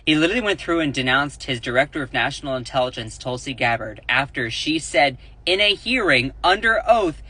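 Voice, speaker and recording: A man delivering heated political commentary with a sarcastic, exasperated edge and sudden sharp outbursts. His voice is bright and tense. The recording is dry and close, with no room sound. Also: mid-range voice, expressive, a little fast, hardly any pauses, breathy edge, no echo, poor audio.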